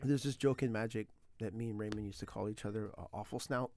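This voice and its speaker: A man chatting casually on a stream while learning a language, rambling and excitable, laughing often and using slang. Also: fairly low pitch, quick pace.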